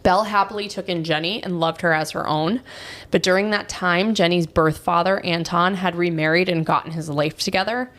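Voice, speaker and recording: A woman in her thirties hosting a podcast, telling a true crime story in a chatty, wry way and laughing at the dark parts. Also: on the low side, steady tone, a little fast. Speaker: podcast host.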